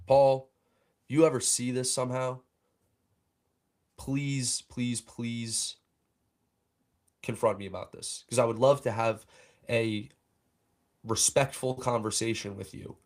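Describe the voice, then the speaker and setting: Young man, fan show host, heated angry rant, mid pitch. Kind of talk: livestream rant.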